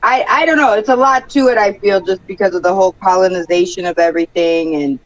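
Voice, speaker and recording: A man from the Midwest of the United States thinks aloud on a panel, weighing his words and softening them with hedges. His voice is high for a man. The recording has a dull, lo-fi sound. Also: fairly even intonation, fast talker, dry recording. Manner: thoughtful, hedging, reflective. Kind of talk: casual panel discussion.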